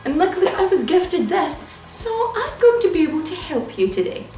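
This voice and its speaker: A young woman with a high voice talks through a jokey how-to vlog in a mock-serious, know-it-all manner. She sits a little off the mic in an echoey room, with faint music playing underneath. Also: sing-song, normal speed, few pauses, mellow, far from the mic. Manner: playful, mock-serious and self-assured. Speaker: vlogger. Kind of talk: mock-instructional comedy vlog.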